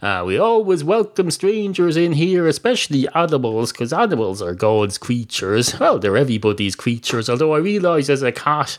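A chatty, welcoming young Mary who rambles and over-explains, played by a man lifting his voice. The voice is pushed up high, with a lightly forceful push on the words. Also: big pitch swings, normal speed, few pauses. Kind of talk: improvised comic storytelling.

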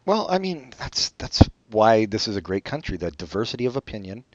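A man co-hosting a podcast in casual chat, joking in a sarcastic, deadpan way. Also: fairly low pitch, a little fast, no room sound, dull audio. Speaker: podcast co-host.

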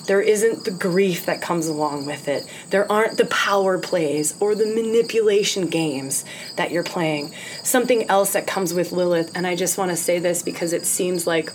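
A woman's voice: fairly low pitch, background noise. A woman from the United States hosting a spiritual podcast, talking in an impassioned, emphatic way and swearing freely. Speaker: podcast host.

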